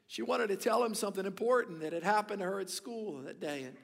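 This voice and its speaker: A man, the pastor, preaching a sermon with passion, swinging between loud emphasis and hushed asides. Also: sits high, quick pace, gravelly, long reverb tail.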